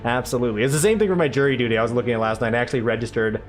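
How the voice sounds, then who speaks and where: A man's voice: mid-range voice, animated, very fast, soft background music. A man giving casual, rambling gameplay commentary full of sarcastic asides. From United States. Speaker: let's play gamer.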